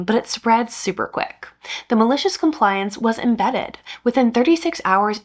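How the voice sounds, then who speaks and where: A woman, hosting a podcast and reading a revenge story aloud with dry asides. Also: mid-range voice. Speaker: podcast host reading stories.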